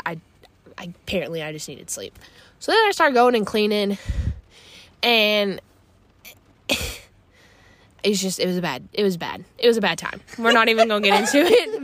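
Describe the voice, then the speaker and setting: A woman's voice: medium pitch, a bit bright. A young woman in casual chat, animatedly telling a story, acting out quotes and laughing often.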